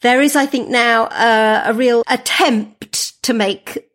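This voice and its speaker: A woman co-hosting a podcast, telling a news story in a relaxed, thoughtful way. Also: on the high side, takes it slowly. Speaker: podcast co-host. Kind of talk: casual chat.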